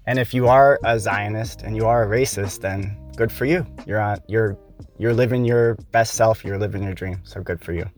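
A man's voice: fairly low pitch, fairly even intonation, normal speed, darkish tone, faint music behind. An American man hosting a podcast, delivering a heated, profane political rant with emphatic stresses. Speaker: podcast host.

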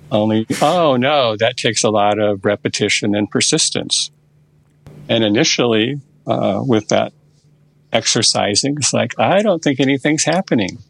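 Gravelly-voiced older man telling a story. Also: fairly low pitch, fairly bright tone. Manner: unhurried, recounts a session step by step. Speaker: therapist guest. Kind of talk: conversational storytelling in a podcast interview.

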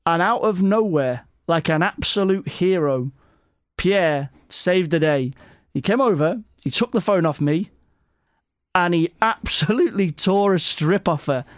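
A man telling a story as a podcast guest, animated, with many repeats and restarts. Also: fairly high pitch, no room sound, clean studio sound.

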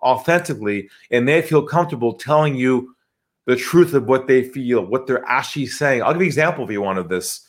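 Sales coach guy telling stories, acts out the calls, medium pitch. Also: a little fast. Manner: animated storyteller, acts out phone calls. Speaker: sales trainer guest. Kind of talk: storytelling interview answers.

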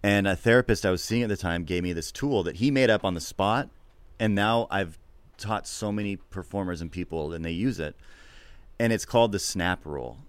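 Man, very low voice, dry close sound, earnest reflective guest, swears freely. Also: moderate pace, smooth, no echo. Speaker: podcast guest, comedian. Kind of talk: candid conversational interview.

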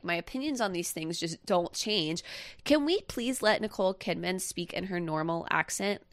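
Chatty woman podcast co-host, low voice. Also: a bit bright, no echo. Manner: chatty, rambling with many fillers. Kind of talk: casual chat.

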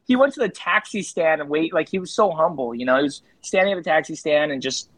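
A man, a street photographer on a podcast, telling lively stories in casual talk and jumping higher in pitch as he retells moments. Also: quick pace, slight background noise. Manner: animated, jumps to high pitch when retelling. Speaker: street photographer and interview guest. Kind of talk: casual storytelling.

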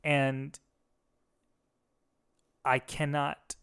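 A man's voice: mid-range voice, monotone, extremely slow, vocal fry, a bit bright, clear, resonant tone. A man, a former pastor, talking candidly and reflectively in a casual conversation, with frequent restarts. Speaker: podcast co-host, former pastor.

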